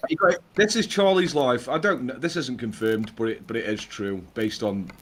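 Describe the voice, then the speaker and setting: A man's voice: medium pitch, normal speed, a crowd in the background. A man in casual podcast banter, crude and sarcastic, swearing constantly. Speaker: podcast co-host.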